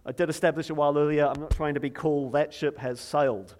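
A middle-aged man preaching a lively, joking sermon from a church stage, chatty and self-deprecating, drawing the congregation in. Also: on the high side, quick pace. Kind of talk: playful sermon with audience participation.

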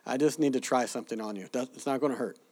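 A man's voice: mid-range voice, rapid-fire. A man teaching a church audience sermon-style, telling stories and acting out the people he quotes. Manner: animated storyteller, acts out quoted people. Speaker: preacher teaching evangelism.

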